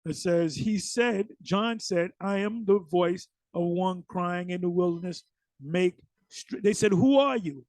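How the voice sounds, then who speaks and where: A man's voice: high voice, unhurried, a little mellow, no echo. A man leading an informal scripture study, reading verses aloud and then rambling into loose commentary with frequent restarts. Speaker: Bible teacher.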